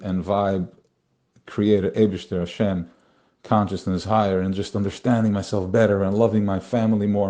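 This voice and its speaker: Low, mellow-voiced man giving a Torah talk. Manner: spiritual, searching, repeats phrases. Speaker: Torah teacher.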